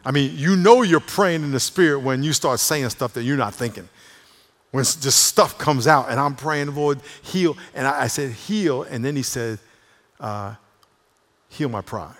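A pastor preaching to his congregation, his mid-range man's voice dropping low and then rising loud to exhort. The sound rings with the long reverb of a big church sanctuary. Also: normal speed. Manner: swings between hushed and loud, exhorting. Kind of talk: sermon. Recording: long reverb of a large hall.

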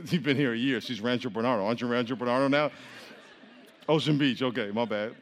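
A man preaching a sermon to his congregation in a casual, conversational way, joking with the crowd and swinging between quiet and loud. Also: medium pitch, fast talker, slight background noise. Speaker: pastor. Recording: long hall reverb.

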